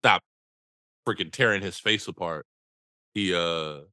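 Deep bright-toned man, laid-back podcast talk. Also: no room sound, clean studio sound. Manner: laid-back, halting, repeats words. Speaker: podcast co-host. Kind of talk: casual movie review chat.

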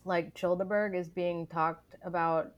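A woman's voice: on the low side, level tone, a little slow, lo-fi sound. A woman in casual chat who asks friendly follow-up questions.

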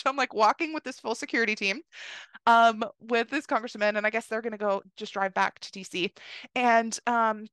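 On clean studio sound with no echo, a podcast host talks quickly in a slightly high voice. The young woman is chatty as she tells a story, filling it with "like" and voicing the people she quotes in an animated way.

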